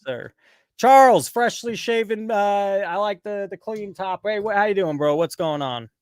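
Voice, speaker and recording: A man's voice: sits high, moderate pace, clean tone, dry recording. Rambling, profane man hosting a call-in. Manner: rambling, profane, jumps between chat and caller. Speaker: host of a live call-in show. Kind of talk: casual live-stream chat. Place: home studio, fighting an echo.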